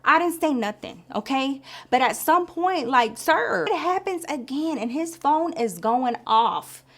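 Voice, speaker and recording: Animated woman telling a storytime. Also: high-pitched, a little slow. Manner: animated, emphatic, swears freely. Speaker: vlogger. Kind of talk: casual storytime.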